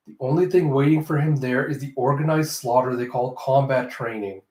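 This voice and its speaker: A stern, blunt female warrior, read aloud by a man in a flat, matter-of-fact tone. The voice sits in an ordinary middle pitch, and a roomy echo hangs around each line. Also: a little fast, natural voice. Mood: grim.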